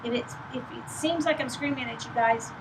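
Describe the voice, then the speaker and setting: Casual host, Texan woman, slightly high voice, ill and short of breath, talking loud and rambling over a noisy background. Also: fairly quick. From East Texas. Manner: speaking loudly to carry, chatty and rambling. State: weak voice from illness, out of breath. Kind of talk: casual chat to camera.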